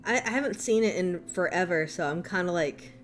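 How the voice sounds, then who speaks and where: A woman's voice: on the low side, a little fast, music in the background. A young woman with an American accent, chatting casually and self-deprecatingly while she draws on a stream, sometimes talking through a mouthful of food. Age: young adult. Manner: talks while eating. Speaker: artist streaming while drawing. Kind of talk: casual chat.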